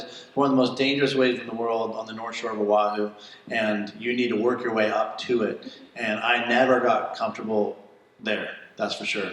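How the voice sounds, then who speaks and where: A man hosting a live event, telling a lively personal story to an audience and laughing often. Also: medium pitch. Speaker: event host. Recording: echoey room, far from mic.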